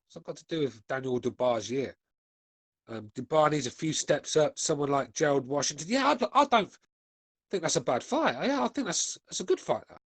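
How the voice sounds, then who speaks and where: A British man in his forties hosts a podcast with a slightly high, husky voice, lively intonation, and normal speed, recorded with no room sound. He reads out chat comments casually, bluntly, and with a fair amount of swearing.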